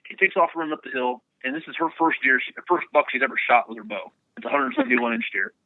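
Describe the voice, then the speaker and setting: Man, rapid rambling storyteller, phone-line audio, dry sound. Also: a little high, sing-song, gravelly, no echo. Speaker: bowhunting guest, husband. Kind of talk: storytelling in a podcast interview.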